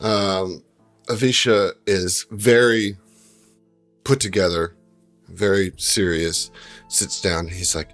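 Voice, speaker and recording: Low-voiced, easygoing male game master. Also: slow, pauses often, soft background music. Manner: relaxed storyteller with many fillers. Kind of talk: narrating a tabletop game.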